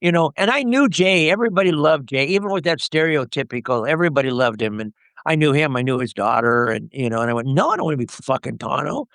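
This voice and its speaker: A man's voice: medium pitch, lively intonation, fast talker, fairly bright tone, clear, resonant tone, dry recording, clean studio sound. An older man, a guest actor, telling rambling stories in a casual interview with many "you know"s and restarts.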